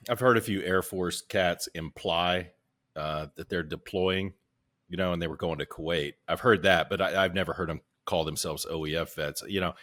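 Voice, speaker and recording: A man's voice: sits low, fairly even intonation, normal speed, a bit bright. A man on a casual podcast, talking in a weary, resigned way. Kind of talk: casual chat.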